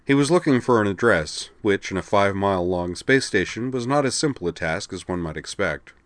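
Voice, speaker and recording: A man narrating a story aloud in a steady, measured way. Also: on the low side, no echo. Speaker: story reader. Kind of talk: audiobook narration.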